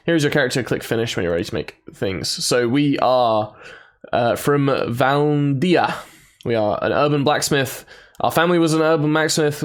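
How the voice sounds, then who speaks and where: A man giving casual, jokey let's-play commentary and reading game text aloud. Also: mid-range voice. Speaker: gaming YouTuber. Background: game soundtrack music.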